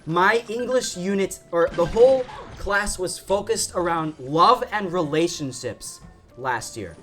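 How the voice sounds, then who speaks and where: A teenage boy giving casual, rambling commentary over his gameplay, excitable and full of asides. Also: sits high, moderate pace, soft background music. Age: teens. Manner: rambling and excitable, often saying okay and freaking. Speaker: gaming YouTuber.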